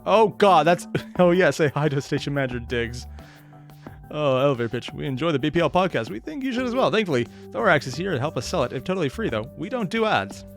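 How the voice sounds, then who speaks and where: A man hosting a reaction video, sarcastic and excitable, swearing freely. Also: a little high, a little fast, soft background music. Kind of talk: reaction commentary.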